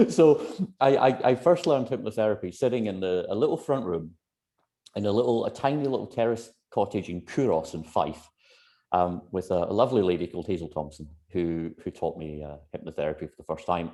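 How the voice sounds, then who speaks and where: Low, lively man telling stories. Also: normal speed. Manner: lively storyteller who acts out quotes and laughs often. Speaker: guest hypnotherapist. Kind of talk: animated anecdotal storytelling. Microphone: video call.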